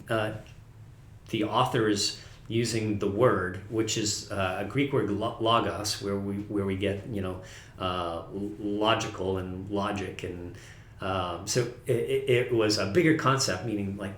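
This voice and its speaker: A man's voice: lowish voice, reverberant. A man preaching a casual, conversational sermon as pastor, often correcting himself and laughing at his own slips.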